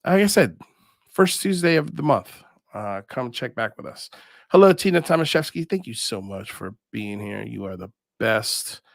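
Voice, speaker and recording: A man's voice: mid-range voice, normal speed, creaky, dry recording, studio quality. A man hosting a livestream, reading chat comments and rambling casually with lots of fillers. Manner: rambling, animated, frequent fillers and laughs. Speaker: show host reading live chat.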